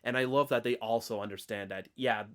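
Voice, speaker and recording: A man's voice: medium pitch, steady tone, brisk, fairly bright tone. A man with an Oklahoman accent co-hosting a casual podcast, rambling with lots of fillers and restarts. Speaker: podcast co-host. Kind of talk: casual chat.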